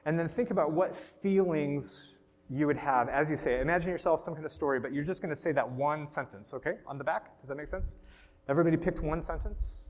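A man leads a group workshop, coaching participants in an upbeat way and laughing often. His voice sits a bit high for a man. The sound rings with a long reverb, as if the room is a large hall. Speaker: workshop instructor. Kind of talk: classroom teaching to a group.

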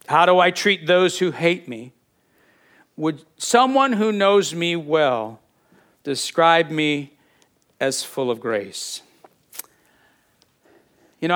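A pastor with a fairly high, a bit bright voice preaches a sermon. He addresses the congregation conversationally, putting questions to them and often repeating words as he thinks aloud.

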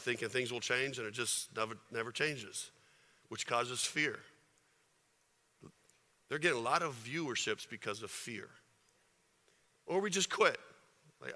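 A man preaching a sermon to his congregation, chatty and full of rhetorical questions, building to forceful passages. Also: on the high side. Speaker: pastor. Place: church sanctuary. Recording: reverberant hall.

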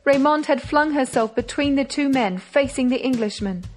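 A woman narrating a classic novel as an audiobook, measured and dramatic. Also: high-pitched, soft background music.

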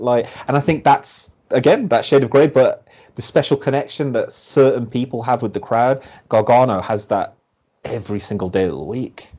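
A man's voice: medium pitch, normal speed, darkish tone, slightly rough. Rambling man, muffled audio. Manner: rambling, acts out quotes. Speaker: wrestling podcast co-host. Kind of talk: casual chat. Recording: muffled lo-fi sound.

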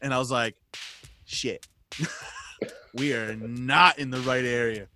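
A man telling a story in casual chat, animated, laughing often and swearing freely. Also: mid-range voice, slow pace, a little hiss or hum.

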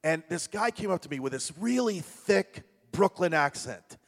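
A pastor with a New Jersey and New York accent who preaches a sermon as a chatty story, with many restarts and asides to the congregation. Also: male voice, high voice, expressive, moderate pace, vocal fry, in a large hall.

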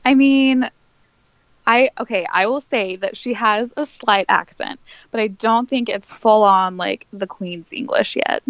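A woman's voice: medium pitch, measured pace, a bit bright, no echo, highs cut off. A woman appearing as a guest on a podcast, chatting casually and giggling easily. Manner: giggly, easygoing. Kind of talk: casual chat.

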